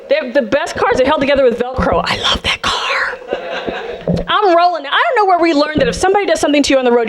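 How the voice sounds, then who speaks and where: Sassy high-voiced woman doing stand-up. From South Central Los Angeles. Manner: sassy, animated, acts out characters. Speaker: stand-up comedian. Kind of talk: stand-up comedy set. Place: comedy club stage with audience. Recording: live club, loud crowd laughter. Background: audience laughing.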